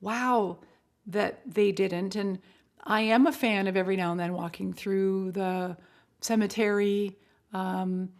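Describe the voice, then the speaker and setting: Woman guest on a podcast, average pitch, animated and chatty, tumbling out thoughts with lots of "like" and "um". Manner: animated, talks in quick bursts with many fillers. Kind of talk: casual interview chat.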